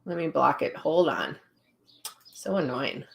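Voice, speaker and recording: A woman's voice: deep voice, expressive, measured pace, vocal fry, a bit bright. A middle-aged woman, a psychic medium, casually chatting on a live stream, telling stories and reading viewer comments aloud.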